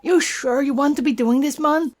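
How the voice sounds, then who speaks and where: Woman voicing a cocky little fairy guy, slangy, blunt, fairly high. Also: normal speed, a little mellow, faint music behind, close to an everyday voice. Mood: cheeky. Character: cheeky little male fairy sidekick. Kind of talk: reading game dialogue aloud.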